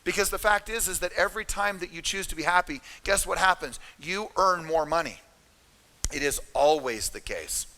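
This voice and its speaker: Bright-voiced man speaking in a hall. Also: high voice, moderate pace, a little hiss or hum. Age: middle-aged. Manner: energetic, emphatic, addresses audience directly. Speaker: motivational speaker at a real estate seminar. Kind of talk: live motivational talk. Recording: reverberant hall.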